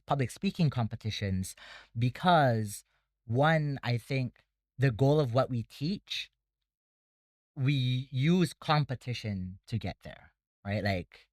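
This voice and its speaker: A man's voice: medium pitch, dry recording. A man who runs a debate academy, talking casually in an interview and explaining things step by step with many fillers. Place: Bangkok.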